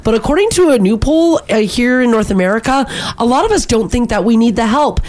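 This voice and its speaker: A woman co-hosting a radio show in casual chat, reading out stories and listener texts in a brisk, teasing way. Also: fairly high pitch, animated, a little mellow, a little hiss or hum. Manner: brisk, teasing, reads out news items.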